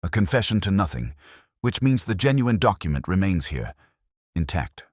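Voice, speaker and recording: An aloof, exacting detective, read by a man speaks in a very deep, husky voice with lively rises and falls. Every word is measured and dryly formal. The sound is close and dry. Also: no echo, heavily acted. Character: stout, aloof male genius detective, older. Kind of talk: audiobook character reading.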